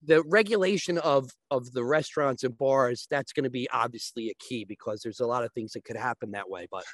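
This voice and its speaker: A man's voice: mid-range voice, fairly quick, dry recording. Man explaining, in a dry recording. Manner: explains step by step, many restarts and "right?" checks. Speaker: guest on sports betting. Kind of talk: casual explanatory talk.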